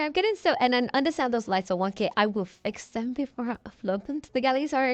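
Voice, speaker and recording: A woman chatting casually over her gameplay footage, rambling, excitable and apologetic, with lots of fillers. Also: fairly high pitch, dry recording. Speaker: video game builder and creator.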